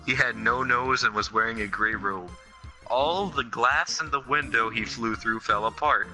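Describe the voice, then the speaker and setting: A man's voice: mid-range voice, moderate pace, bright, forceful tone, soft background music, rough recording. A man reading a badly written story aloud for comedy, breaking off for sarcastic asides. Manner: sarcastic asides between lines. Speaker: reader and host.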